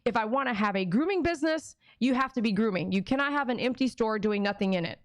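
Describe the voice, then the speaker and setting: The host of this channel, a dog groomer filming in her salon, talks fast in an expressive, fairly high voice. She's chatty and emotional, speaking straight to her viewers. There's no echo, and the sound is studio quality.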